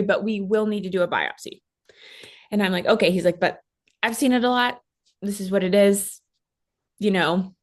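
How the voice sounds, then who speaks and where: A woman in her thirties, a guest mother retelling a traumatic hospital week, talking quickly with many fillers and acting out what others said. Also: mid-range voice. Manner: fast storytelling with many fillers, acting out quoted voices. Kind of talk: emotional personal recount.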